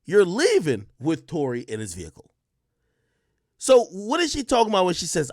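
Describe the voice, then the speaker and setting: A man's voice: a little high, wildly swooping pitch, moderate pace, gravelly, a little mellow, no echo, studio quality. A man giving blunt, profane reaction commentary to an interview clip, talking straight to his viewers.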